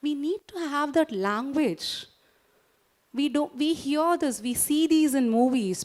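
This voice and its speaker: A woman speaker with an Indian English accent and a fairly high voice leads a motivational talk. She coaxes her listeners along, keeps asking them questions and walks them gently through a calming exercise. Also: measured pace. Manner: warm, coaxing, interactive, asks the audience questions. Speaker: guest speaker at a doctors' society. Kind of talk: motivational lecture with guided exercise.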